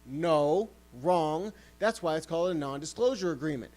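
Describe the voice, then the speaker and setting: A man's voice: a little high, lively intonation, moderate pace, a little mellow, rough recording. A man hosting a sports podcast, ranting heatedly and swearing often. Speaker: podcast host.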